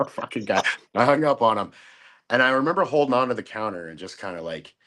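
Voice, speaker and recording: A man's voice: mid-range voice, animated, moderate pace, a bit bright. A middle-aged man, a podcast guest, telling a story in casual, profane chat and acting out the voices of the people in it.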